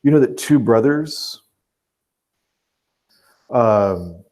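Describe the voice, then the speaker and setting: A man narrating as game master of a tabletop game, measured and dotted with fillers. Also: medium pitch, lively intonation, warm tone.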